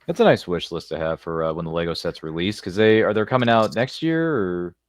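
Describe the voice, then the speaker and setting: A young man hosting a casual movie watchalong, chatty and animated, often reciting film lines. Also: low-pitched, brisk, no room sound, studio quality. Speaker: host.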